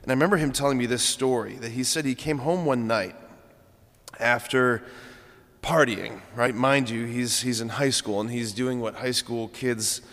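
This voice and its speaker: A man's voice: medium pitch, normal speed, a bit bright. A young adult man, a priest, giving a homily in a conversational storytelling way, with frequent fillers. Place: large church. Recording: long church reverb.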